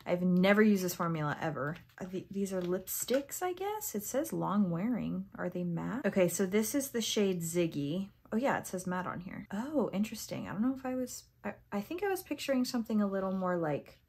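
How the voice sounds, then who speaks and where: A young woman reviewing makeup on camera, chatty and easily excited, sometimes reading product text aloud and tripping over words. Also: medium pitch, moderate pace, breathy edge. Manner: chatty and excitable, gasping at swatches. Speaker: beauty vlogger. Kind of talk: casual first-impressions makeup review.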